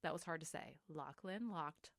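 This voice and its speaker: A woman's voice: low-pitched, moderate pace, no room sound, clean studio sound. A woman co-hosting a casual podcast, recapping a novel and acting out the characters' lines. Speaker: podcast co-host. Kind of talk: casual book recap chat.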